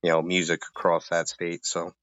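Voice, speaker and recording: Deep-voiced man, easygoing and rambling. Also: monotone, moderate pace, fairly bright tone, clear, resonant tone, no echo, lo-fi sound. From Rhode Island. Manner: easygoing, rambling, many "you know" fillers. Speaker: podcast guest. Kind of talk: casual podcast chat.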